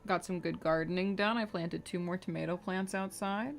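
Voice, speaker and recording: A woman's voice: on the low side, fairly even intonation, moderate pace, gravelly, soft background music. A young adult woman streaming live while she draws, rambling casually to her chat and humming between remarks.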